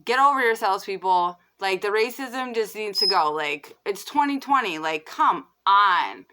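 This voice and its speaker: A woman's voice: medium pitch, animated, a little slow, bright, forceful tone, clean tone. A woman vlogger delivering a heated, insistent opinion rant to camera, repeating her points and filling with "like". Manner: heated and insistent, repeats herself, many fillers of "like".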